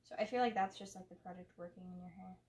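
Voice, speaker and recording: Her voice is on the low side and darkish, with fairly even intonation, and she talks fast. She's a young stylist doing a casual live hair tutorial on a model, walking through each step chattily with plenty of likes and restarts.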